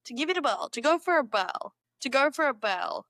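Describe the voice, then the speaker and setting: A young woman with a fairly high voice reads slang terms aloud in a playful vlog. She giggles and repeats words as she tries them out. The sound is dry and close. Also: big pitch swings, fairly quick, fairly bright tone, no echo. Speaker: vlogger. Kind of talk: reading slang aloud and trying an accent.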